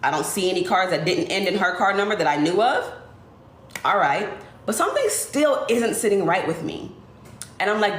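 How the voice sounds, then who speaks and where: A woman livestreamer telling an emotional personal story in an animated, rushing way. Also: medium pitch, roomy sound, slight background noise. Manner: animated, speeds through dramatic retelling. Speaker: influencer livestreamer.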